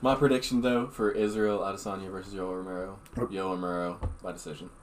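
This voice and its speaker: A man's voice: low-pitched, steady tone, fairly quick. A young man co-hosting a podcast, talking in a laid-back, thoughtful way in casual chat. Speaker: podcast co-host.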